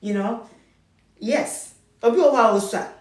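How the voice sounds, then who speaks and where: A woman's voice: on the high side, measured pace. A woman, a charge nurse, giving firm, emphatic advice in casual talk and mixing English with Twi. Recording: echoey room, voice from a distance.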